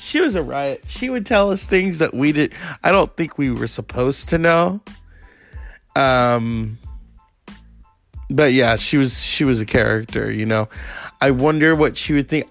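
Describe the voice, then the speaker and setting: Gravelly rambling man hosting a podcast. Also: medium pitch, a bit bright, no echo. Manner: rambling storyteller, profane, chatty with many fillers. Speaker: podcast host. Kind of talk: casual podcast monologue.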